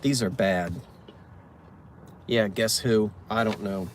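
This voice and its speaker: Chatting casually from his parked car, a man reads out corny jokes, pokes fun at himself and stumbles over words. His voice is fairly low and slow, with slight background noise.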